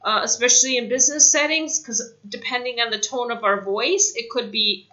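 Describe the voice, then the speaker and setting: A woman giving a casual spoken English lesson, chatty, saying example phrases slowly. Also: on the high side, sharp tone, highs cut off. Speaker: English teacher.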